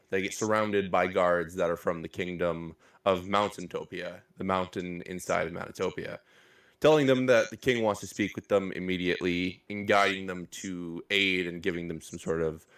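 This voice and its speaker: A man's voice: low-pitched, fairly bright tone. A man narrating as game master in a casual, rambling way, swearing offhandedly. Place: live-streamed game session.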